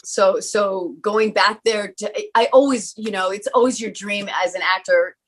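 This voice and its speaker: A woman, an actress at a film reunion panel, chatting casually and laughing easily, her voice softening toward the ends of phrases. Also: mid-range voice, steady tone, moderate pace. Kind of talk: casual chat.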